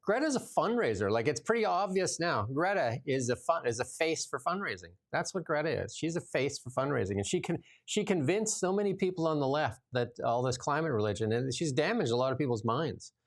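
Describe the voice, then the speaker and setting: A man's voice: on the high side, lively intonation, a little fast, hardly any pauses. A man hosting a political talk show in casual chat, mocking and sarcastic, repeating phrases for effect.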